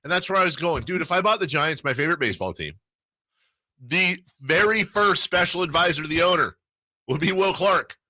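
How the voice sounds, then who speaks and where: A man hosting a sports radio show, telling animated stories in casual banter. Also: a little high, no echo. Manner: animated storyteller, excitable, quick asides. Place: radio studio.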